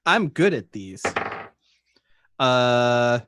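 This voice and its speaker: A man's voice: medium pitch, very animated, drawn-out words, a bit bright, clean tone. A man playing a tabletop game, joking in a laid-back way. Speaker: player. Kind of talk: casual chat at a game table.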